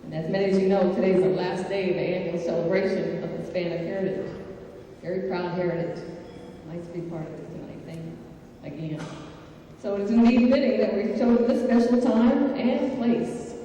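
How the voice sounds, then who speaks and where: Southern woman speaker, mellow tone, jokes at her own expense, distant and echoey in a big hall. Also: mid-range voice, steady tone, fairly quick, slight background noise. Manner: joking, self-deprecating asides to the audience. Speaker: guest speaker. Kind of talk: ceremonial speech. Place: large banquet hall. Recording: echoey hall, picked up from afar.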